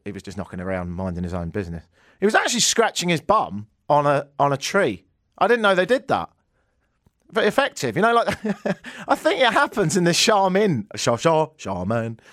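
A man's voice: medium pitch, big pitch swings, moderate pace, a bit bright, no echo, studio quality. A man with an English accent hosting a radio show, telling a rambling, self-mocking story in a casual, joking way. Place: radio studio.

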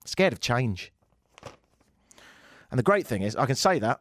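A man's voice: mid-range voice, big pitch swings, normal speed, long pauses, dry recording, studio quality. A man hosting a comedy show, ranting sarcastically about tech news and mocking it with silly voices.

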